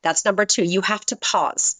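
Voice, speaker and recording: Middle-aged woman as a podcast guest: earnest, lively storyteller, close and dry sound. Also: normal speed, no room sound. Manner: earnest, shifts pitch to voice quoted people. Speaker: guest, business leader and author. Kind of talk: personal storytelling in a podcast interview.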